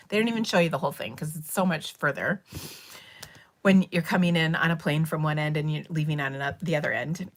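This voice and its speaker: A woman's voice: lowish voice, fairly bright tone. A middle-aged woman, hosting a live stream and chatting casually, rambling through stories with laughs and fillers. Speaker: livestream host. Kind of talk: casual chat.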